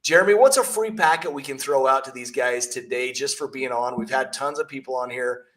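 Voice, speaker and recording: A man hosting a live stream, reading viewer questions and giving upbeat, emphatic advice, now and then acting out quick quoted asides. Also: medium pitch, a bit bright. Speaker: host, real estate trainer. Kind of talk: casual live-stream coaching.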